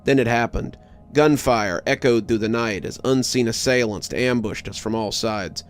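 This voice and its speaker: A man reading a horror story aloud in a low, hushed scripted narration. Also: moderate pace, faint music behind.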